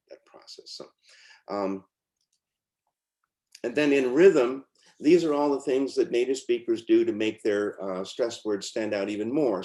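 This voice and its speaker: A man demonstrating lessons on screen as a teacher. His voice sits a little low. He talks informally, with many fillers and restarts. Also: mellow. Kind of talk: screen-share walkthrough.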